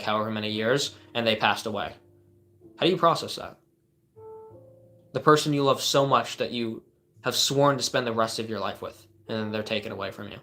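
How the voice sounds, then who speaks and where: A man's voice: mid-range voice, sharp tone. Casual, earnest male life coach. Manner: casual and earnest, frequent "like" fillers and restarts. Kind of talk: live advice stream reading chat questions.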